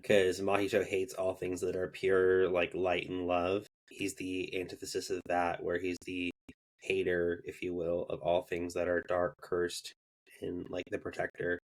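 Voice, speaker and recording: Man, podcast co-host, very deep voice, flat monotone, measured casual talk.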